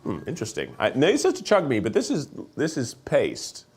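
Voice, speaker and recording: A man with a mid-range, darkish voice hosts a casual food-tasting chat on a studio set with a food conveyor belt, his pitch swooping wildly. He jokes, rambles and laughs easily between bites, with faint music behind him.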